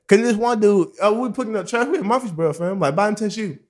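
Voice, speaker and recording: Young guy, high-pitched, telling a wild story, cussing, laughing, doing everyone's voices. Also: fast. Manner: animated, profane, acts out quotes, laughs often. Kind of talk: casual storytelling.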